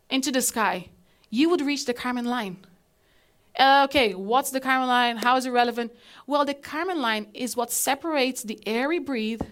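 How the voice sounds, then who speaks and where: A woman pastor giving a conversational, animated sermon to a live congregation in a church, asking them questions as she goes. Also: on the high side.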